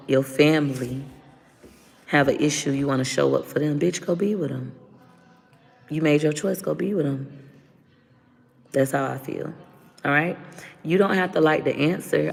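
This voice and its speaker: Blunt gravelly-voiced woman venting. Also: a bass voice, big-room sound. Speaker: livestream host. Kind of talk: casual livestream talk to viewers.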